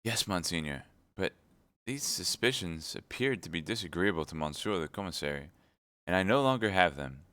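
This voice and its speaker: A man's voice: sits low, expressive, normal speed, sharp tone, dry recording. A man voicing a timid, fawning middle-aged mercer who is eager to please. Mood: meek. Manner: meek and eager to please, turning frantic.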